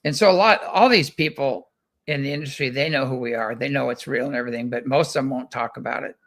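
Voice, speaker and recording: A man from the United States talks casually as a guest, in a voice of ordinary middle pitch. He wanders through anecdotes, restarting phrases and slipping into the voices of people he quotes. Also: quick pace, fairly bright tone. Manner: rambling, repeats words and acts out quotes. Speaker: guest, ranch founder. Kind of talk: casual chat, anecdotal storytelling.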